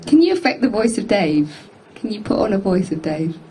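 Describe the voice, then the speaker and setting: A woman's voice: medium pitch, sing-song, moderate pace, mellow, faint music behind, low-quality recording. A woman in her thirties hosting a casual studio live stream, chatting in a rambling, self-mocking way. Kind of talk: casual chat. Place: music studio.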